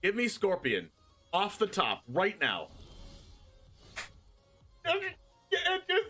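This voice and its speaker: Dude streaming a card game, super high voice, unhurried pace, hypes himself up, faint music behind. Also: male voice. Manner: excitable, yelps and laughs, talks to himself. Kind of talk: excited gameplay commentary.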